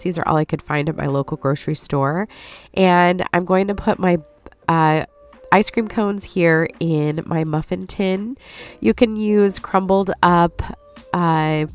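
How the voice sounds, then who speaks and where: Woman, forties, nasal stuffy voice, low pitch, chatty home recipe voice-over, light music behind. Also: clear, resonant tone. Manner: chatty, apologetic, warm asides to viewers. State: nasal from allergies. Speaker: lifestyle channel host. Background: soft background music.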